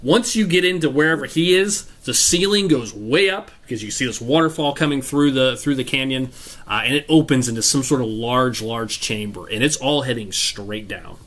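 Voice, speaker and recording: Male game master narrating a tabletop session, easygoing and descriptive, mid pitch. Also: normal speed. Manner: descriptive, relaxed, many fillers.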